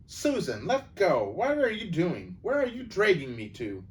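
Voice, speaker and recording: A man's voice: high-pitched, wildly swooping pitch, measured pace, pitched above the performer's own voice, exaggerated voice. A man voicing an eldest schoolboy who leads the others in a storybook reading, talking steadily. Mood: startled. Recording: distant mic, faint background noise.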